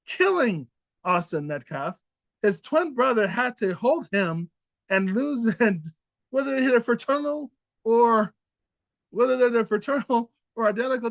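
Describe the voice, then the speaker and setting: A man with a voice that sits high hosts an opinion commentary show on a dry recording. In a casual monologue, he sounds earnest and indignant, repeating himself and restarting often.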